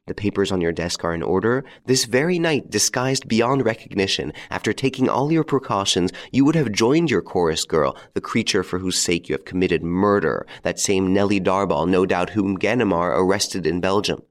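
A man reading the lines of a bold, mocking gentleman thief in an audiobook, with a jaunty, theatrical, taunting manner. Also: sits low, normal speed, hardly any pauses.

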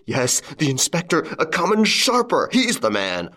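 A man reading aloud voices a bewildered gentleman who has just been robbed. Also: low-pitched, very animated, fairly quick, heavily acted. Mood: stunned. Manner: hesitant, stunned.

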